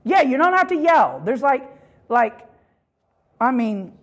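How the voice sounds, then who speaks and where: Higher-voiced woman teaching scripture. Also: sing-song, slow pace. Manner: conversational, with frequent fillers and asides. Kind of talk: teaching a Bible lesson.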